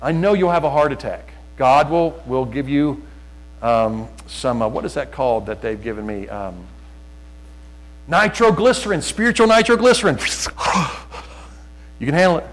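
A middle-aged man, a pastor, preaching in a conversational storytelling way, telling anecdotes with jokes and swinging between quiet asides and loud urging. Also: medium pitch, moderate pace, poor audio. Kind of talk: sermon.

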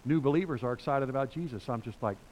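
A man preaching a sermon as pastor, conversational and emphatic, with sudden loud bursts. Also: mid-range voice, fast talker, background noise.

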